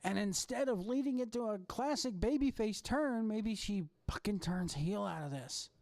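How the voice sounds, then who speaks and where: This podcast host rants in a loose, rambling monologue from home late at night, getting excitable and swearing freely along the way. The voice is mellow and dark in tone. It sits close and dry, with no room around it. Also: medium pitch, normal speed, dry recording. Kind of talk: casual ranting monologue.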